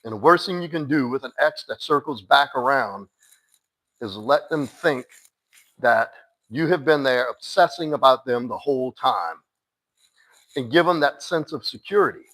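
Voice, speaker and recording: A man's voice: mid-range voice, lively intonation, normal speed, fairly bright tone, poor audio. A man giving blunt dating advice on a live stream, talking straight to one listener and cursing casually. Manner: blunt, direct, curses casually; addresses a listener by name, firm and insistent. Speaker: dating coach.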